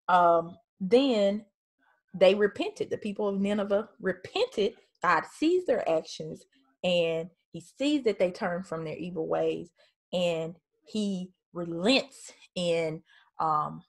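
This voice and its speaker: A woman leads a casual Bible study from home, unhurried and measured in her delivery. She speaks conversationally, leaning into emphatic points and reading passages of scripture aloud. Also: medium pitch. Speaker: Bible teacher.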